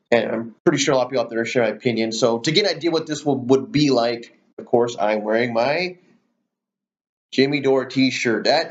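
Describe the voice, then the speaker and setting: Heard on a muffled recording, this man has a mid-range voice. Alone on camera for his political commentary channel, he launches into a heated rant full of swearing and filler words.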